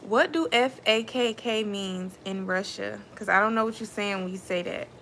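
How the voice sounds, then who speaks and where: A woman's voice: mid-range voice, moderate pace, fairly bright tone, slight background noise. A woman, hosting a casual live stream and chatting directly to her viewers. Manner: chatty, addresses viewers as y'all.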